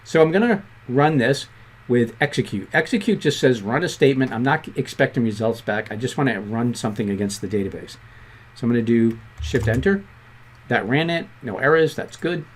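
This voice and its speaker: Casting note: fast-talking Boston man, mid-pitched, casual coding instructor walking through a screen tutorial. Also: expressive. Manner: quick-talking, conversational, self-deprecating asides. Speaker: programming instructor.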